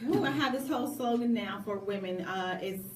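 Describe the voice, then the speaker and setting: A woman co-hosting a casual radio talk show, speaking in a lively, preachy way with laughing asides. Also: mid-range voice, fairly quick, a little hiss or hum. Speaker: co-host. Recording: echoey room from a distant mic.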